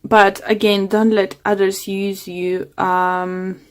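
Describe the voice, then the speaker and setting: A woman's voice: medium pitch, level tone, slow, clean tone. Woman tarot reader losing her voice. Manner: hesitant, many fillers and restarts. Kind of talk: casual tarot reading monologue.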